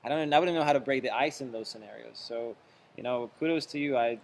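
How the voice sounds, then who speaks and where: A man's voice: mid-range voice, fast, vocal fry, poor audio. A man hosting a casual interview, affirming and full of praise for his guest. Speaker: interview host.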